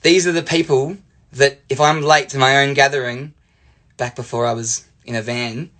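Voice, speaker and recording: A young Australian man, a life coach, telling a playful childhood story in an animated way. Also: mid-range voice, normal speed. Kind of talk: storytelling monologue.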